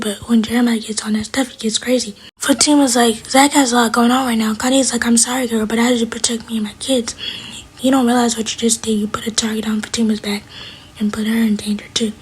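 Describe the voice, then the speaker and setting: Female recap vlogger, airy and breathy, a bit high, talks through each scene casually. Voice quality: breathy, half-whispered delivery. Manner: retells scenes through paraphrased quotes.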